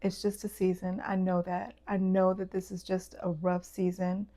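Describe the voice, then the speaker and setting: A woman's voice: lowish voice, monotone, normal speed, dark tone. Heartfelt young woman telling a personal story. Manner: casual, heartfelt, many fillers like "like" and "um". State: tearing up. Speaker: fashion brand owner.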